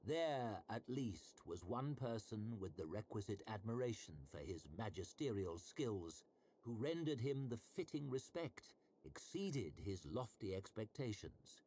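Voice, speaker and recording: A man with a lowish voice reads a fantasy novel aloud in a measured, expressive way. His pitch rises and falls widely through each sentence, and a faint background noise sits under the reading. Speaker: narrator. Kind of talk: audiobook-style fantasy narration.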